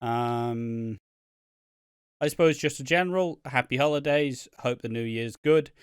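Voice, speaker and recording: A man's voice: medium pitch, a little slow, clean tone, no room sound, studio quality. A man co-hosting a casual podcast, swearing freely and ranting with lots of laughs. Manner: swears a lot, animated rants, laughs often. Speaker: podcast co-host.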